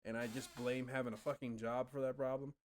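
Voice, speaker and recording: A man's voice: mid-range voice, flat delivery, brisk. A young man streaming and chatting casually with viewers, rambling, swearing often and trailing off mid-thought. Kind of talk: casual chat answering viewers.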